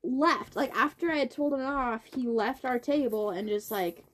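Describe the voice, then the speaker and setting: A young woman co-hosting a casual chat podcast, telling a story in an animated way and acting out what others said. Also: moderate pace. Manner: animated storytelling, quotes others with big pitch swings. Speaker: podcast co-host.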